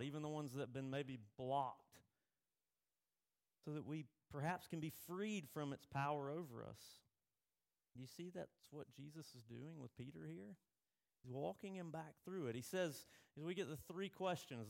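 A man's voice: fairly high pitch, unhurried, creaky. A male pastor preaching a sermon in a conversational way, telling personal stories.

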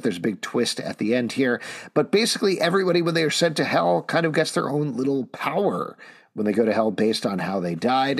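A man hosting a casual podcast chat, briskly introducing each title. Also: mid-range voice, slightly rough. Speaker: podcast host.

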